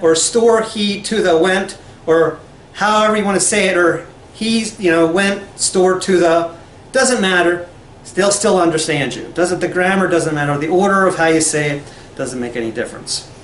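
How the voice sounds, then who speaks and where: A man with a high voice gives a loose, rambling lecture full of fillers and restarts. His voice rings in an echoey room, with faint ambience in the background. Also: fairly bright tone, slight background noise. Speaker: language lecturer. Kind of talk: casual spoken lecture with anecdotes.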